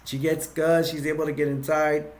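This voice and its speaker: A man's voice: on the high side, flat delivery, normal speed. A man casually retelling a movie's plot in a rambling way, full of fillers and restarts. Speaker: movie reviewer.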